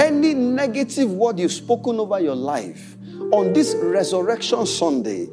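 A male pastor preaching with a high, lively voice that leaps up and down in pitch. He mimics people playfully and drives his declarations home with repetition. Music plays clearly behind him. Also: moderate pace. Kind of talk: sermon.

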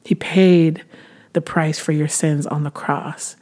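This Christian vlogger in her thirties speaks slowly in a deep, steady, slightly mellow voice. Her devotional talk to camera is casual, earnest and chatty, with many restarts and sudden flashes of preacher-like emphasis.

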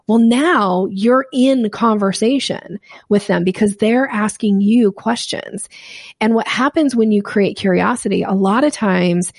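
Animated woman sales coach, gravelly edge. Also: medium pitch, measured pace, no room sound, studio quality. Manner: animated, acts out quoted voices. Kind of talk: podcast interview answers.

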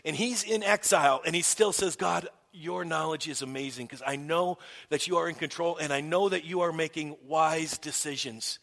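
Man preaching, hushed to emphatic. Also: fairly high pitch, moderate pace, vocal fry, hardly any pauses. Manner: shifts between hushed and emphatic, with restarts. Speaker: pastor. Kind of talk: sermon.

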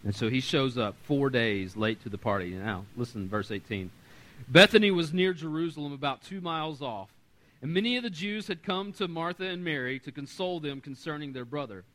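A man in his thirties preaching a sermon, animated, swinging between loud and quiet and acting out the voices he quotes. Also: fairly high pitch. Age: 30s. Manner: acts out quoted voices in conversational storytelling. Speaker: pastor.

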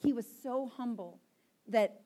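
A woman's voice: on the high side, unhurried, warm tone. A young woman preaching to a church congregation, chatty and open in a self-deprecating storytelling way. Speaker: guest preacher. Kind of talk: casual sermon to a congregation. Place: church sanctuary.

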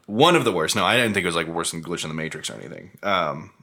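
A man's voice: deep voice, animated, sharp tone. A man co-hosting a podcast, giving his frank opinion of a film in loose, slangy talk. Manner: quick, casual, slangy. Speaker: podcast co-host. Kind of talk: casual film review chat.

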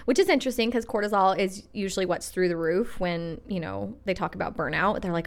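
A woman's voice: mid-range voice, brisk, vocal fry, hardly any pauses. A young adult woman hosting a solo podcast, talking in a chatty, earnest way full of "like" and "literally". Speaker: podcast host. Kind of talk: casual solo podcast monologue.

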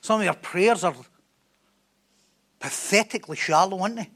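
A man with a notably high voice delivers a sermon. He speaks with emphasis and drives his points home by repeating phrases. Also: normal speed, fairly bright tone. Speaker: preacher.

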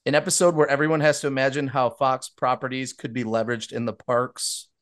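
A young adult man hosting a casual podcast, reading listener reviews aloud and dropping quick asides between lines. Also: mid-range voice, level tone, a bit bright.

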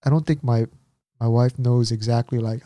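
Mellow-voiced man telling a story. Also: medium pitch, normal speed, no room sound. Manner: animated retelling with quoted voices. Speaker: podcast co-host. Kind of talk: casual storytelling chat.

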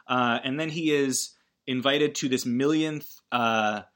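Bright-voiced man rambling through a film recap. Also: mid-range voice, slow. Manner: rambling, animated, acts out quotes, swears. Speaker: podcast host recapping a film.

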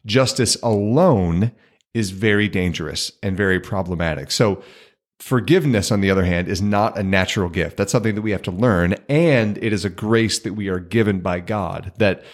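A man co-hosting a faith podcast, laying out steps toward forgiveness in a measured, teacherly way. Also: fairly low pitch. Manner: measured, teacherly, gently emphatic. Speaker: podcast co-host. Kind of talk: reflective teaching in conversation.

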